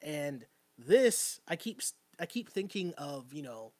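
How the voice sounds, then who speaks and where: A man hosts a loose sports talk stream, animated and rambling, with frequent laughs. His voice sits a little higher than most men's. The sound is close and dry. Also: measured pace, dry recording. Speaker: podcast host.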